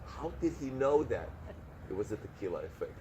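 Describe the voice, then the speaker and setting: A man from Romania interviewing a guest in casual chat, talking with many fillers and pauses. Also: on the low side, big pitch swings. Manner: chatty, hesitant, with many fillers. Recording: noisy background.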